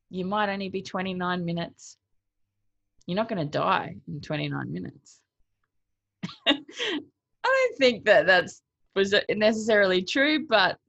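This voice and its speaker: A woman with a low, gravelly voice talks through her story as an interview guest, acting out the lines people said to her. Her delivery is lively and conversational. The recording sounds dull, lo-fi and dry. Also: no echo. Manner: lively retelling, acts out quotes, laughs between thoughts. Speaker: interview guest, cold-water swimmer.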